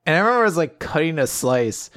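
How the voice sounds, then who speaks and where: A man co-hosting a casual chat, telling anecdotes in a giggly, animated way. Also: on the high side, fast talker. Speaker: podcast co-host.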